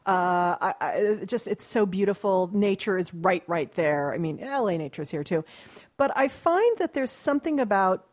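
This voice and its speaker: Female host, lively rising and falling pitch, chatty and loose, often laughing. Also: normal speed. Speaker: podcast host. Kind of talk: casual conversation.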